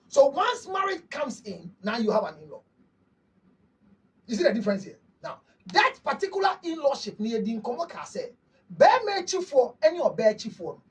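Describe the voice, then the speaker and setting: A man's voice: very high voice, distant mic, rough recording. A Ghanaian man who is a counselor and host, giving emphatic, preachy advice with rhetorical questions. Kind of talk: preaching-style advice talk, mixing English and Twi.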